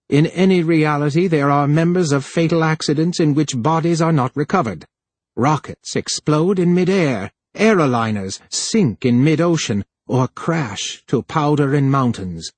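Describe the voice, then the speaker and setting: A male narrator voicing a plump, scheming male official who sneers and then pleads in a higher voice. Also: darkish tone, husky, no echo. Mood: pleading.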